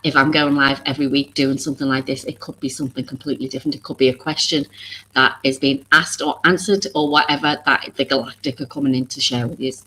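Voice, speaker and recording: Low-voiced woman hosting a live stream. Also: steady tone, fast, pushed and bright, slight background noise, poor audio. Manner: rambling, earnest, full of restarts and asides; openly emotional and vulnerable. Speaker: oracle card reader and live stream host. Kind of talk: live-streamed casual talk to viewers.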